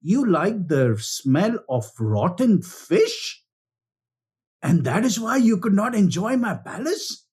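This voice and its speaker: Man doing proud king in a parable, slow deliberate husky voice, kinda high. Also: big pitch swings, a little mellow, exaggerated voice. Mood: sarcastic. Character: proud old-tale king, commanding then brooding.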